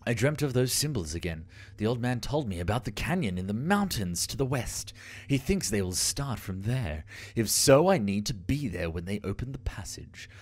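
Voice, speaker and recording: A man's voice: fairly low pitch, sing-song, normal speed. A man voicing a male diary writer in a put-on Irish-Scottish accent, reading a journal aloud. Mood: brooding.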